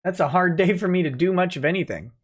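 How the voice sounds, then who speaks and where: A man's voice: high voice, quick pace, husky. A man, a lawyer hosting a late-night livestream, reading viewer comments aloud and joking about them in a casual, wry way.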